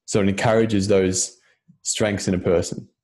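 A man with a somewhat low voice talks earnestly at normal speed in a relaxed podcast chat. His speech is loose and conversational, and he keeps checking in with the other person by asking "you know what I mean."

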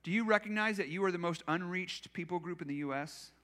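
A man's voice: high voice, a little fast, pushed and bright. A male pastor preaching a sermon in a church, telling personal stories in a conversational, self-deprecating way. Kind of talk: storytelling sermon.

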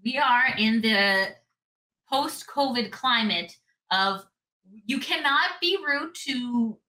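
Bright, rambling woman podcast co-host. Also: fairly high pitch, animated, slow pace, rough recording. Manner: rambling storyteller, full of "like" and restarts. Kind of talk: casual chat.

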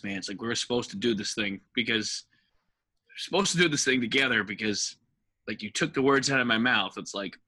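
A man's voice: mid-range voice, sharp tone. A man co-hosting a podcast, chatting in a jokey, rambling way about ranking films. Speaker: podcast co-host. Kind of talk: casual film-ranking chat.

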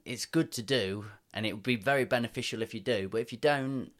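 A man's voice: medium pitch, fairly quick, fairly bright tone. A man hosting a casual chat, who encourages his guest with short reactions. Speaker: podcast host.

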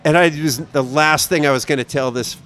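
A man's voice: a little high, brisk, fairly bright tone, soft background music. A man from the American Midwest, co-hosting a casual podcast chat and telling long, rambling stories full of swearing. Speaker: podcast co-host.

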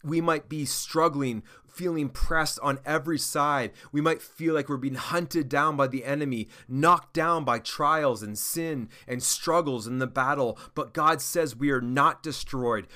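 A man's voice: mid-range voice, a little slow, few pauses, sharp tone. A man giving an earnest, encouraging devotional sermon to other men, often asking "amen?". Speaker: preacher to men.

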